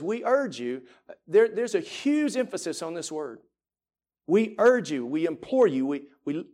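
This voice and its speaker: A man preaching a sermon as pastor, emphatic, slowing down to stress words and repeating himself. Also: high-pitched, a little mellow.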